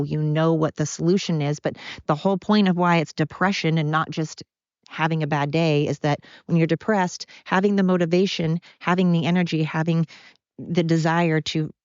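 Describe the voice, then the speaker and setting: Rambling, apologetic middle-aged woman, lower voice. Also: a little mellow, no room sound, dull audio. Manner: rambling, apologetic, openly emotional. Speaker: podcast host. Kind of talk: confessional solo podcast.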